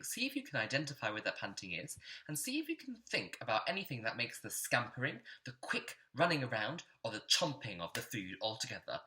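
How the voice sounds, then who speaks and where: A man teaching an online music lesson in a clear, encouraging teacherly way, sometimes chanting rhythms aloud. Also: mid-range voice, pushed and bright.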